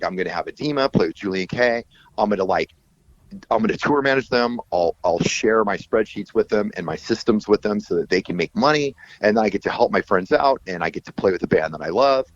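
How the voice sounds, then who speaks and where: A middle-aged man, a guest musician, telling stories in a casual, animated, profane way. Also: lowish voice, a little hiss or hum. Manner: animated, profane, acts out quoted voices. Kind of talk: casual storytelling interview. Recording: dull lo-fi audio.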